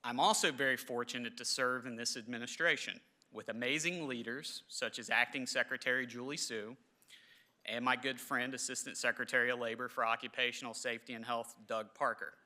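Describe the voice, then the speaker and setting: A man, giving a halting, emotional memorial ceremony speech in a large hall. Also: medium pitch, steady tone, sharp tone. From southern West Virginia. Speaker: government official speaker.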